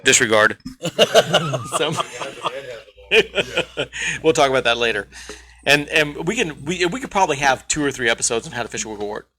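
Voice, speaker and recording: A man's voice: a little high, lively intonation, moderate pace, long pauses, pushed and bright. A man hosting a casual podcast, telling stories in an emphatic, joking way. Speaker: podcast host. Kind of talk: casual chat.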